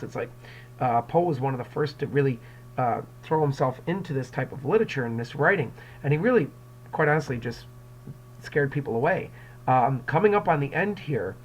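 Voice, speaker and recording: A man's voice: medium pitch, slight background noise, low-quality recording. A male English teacher giving a casual recorded lecture, rambling with many fillers and repeated words, and acting out quotes with raised voices.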